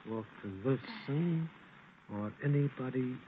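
A man playing a gruff menacing racketeer. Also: mid-range voice, slow, a little hiss or hum, close to an everyday voice. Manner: gruff tough-guy slang, threatening. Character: menacing male racketeer, hard and cruel. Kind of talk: 1940s radio acting. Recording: tinny old radio broadcast.

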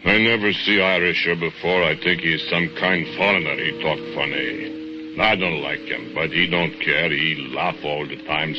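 An actor playing a jealous immigrant steelworker who speaks broken English, in 1940s radio acting. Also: male voice, very deep voice. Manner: broken English, slow heavy confession. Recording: muffled old radio recording, faint hiss.

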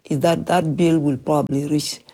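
Low gravelly-voiced woman minister. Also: steady tone, warm tone. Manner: measured, reassuring, formal. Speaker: government minister. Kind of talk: broadcast interview answer.

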